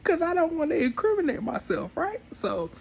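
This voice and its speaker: A man's voice: very high-pitched, very animated, normal speed, vocal fry, a little mellow, a little hiss or hum. A young man casually telling a story from his college days, laid-back and full of fillers. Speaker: storyteller host.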